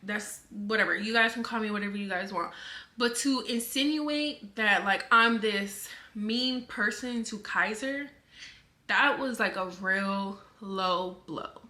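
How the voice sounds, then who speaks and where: Bright-voiced young woman talking to camera. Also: medium pitch, a little slow. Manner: rambling, defensive, heavy on fillers. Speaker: vlogger. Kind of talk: casual talk to camera.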